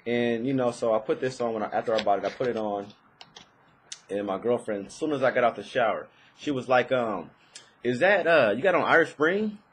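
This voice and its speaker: A man's voice: mid-range voice, a little fast, a little hiss or hum, poor audio. A young man giving a casual, rambling fragrance review, with many fillers and restarts.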